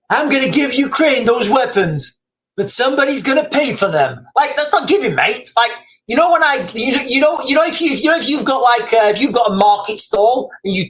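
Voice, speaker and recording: A man's voice: sits high, a bit bright, low-quality recording. A British man hosting a livestream, chatting through the news in a rambling, casual way and often saying "guys" and "like". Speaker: livestream host. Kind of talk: live-stream news commentary.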